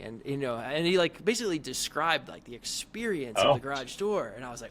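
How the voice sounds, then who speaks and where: A man's voice: mid-range voice, very animated, fairly quick, fairly bright tone, slight background noise. A middle-aged man hosting a podcast interview, talking casually and rambling with lots of fillers and restarts. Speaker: podcast host.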